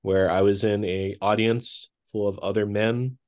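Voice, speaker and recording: A man's voice: lowish voice, steady tone, a little slow, a little mellow. A young man co-hosting a podcast, chatting casually with lots of fillers and laughs. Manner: rambling, laughs often, many fillers. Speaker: podcast co-host. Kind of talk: casual chat.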